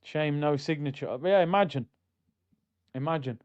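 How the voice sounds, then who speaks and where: A young man chatting casually on a live football watchalong stream, telling stories in a slangy, animated way that swings from loud hype to low muttering. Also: normal speed, highs cut off.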